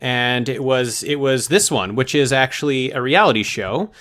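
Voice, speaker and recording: A man's voice: mid-range voice, moderate pace, a bit bright. A man co-hosting a podcast, chatting casually in an easygoing, agreeable way with lots of filler words. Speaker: podcast co-host. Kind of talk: casual chat.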